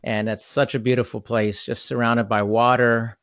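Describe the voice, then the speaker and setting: A man's voice: mid-range voice, flat delivery, fairly bright tone, smooth, no room sound, lo-fi sound. Upbeat American man hosting a podcast. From United States. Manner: upbeat, chatty, with slow deliberate intro phrasing. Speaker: podcast host.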